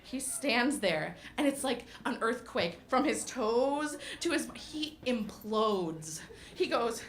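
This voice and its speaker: A woman's voice: on the high side, animated, slow pace, a little hiss or hum. A young woman doing stand-up comedy, giggling and breaking off her own sentences with nervous laughs. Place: comedy club stage. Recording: roomy echo of a comedy stage.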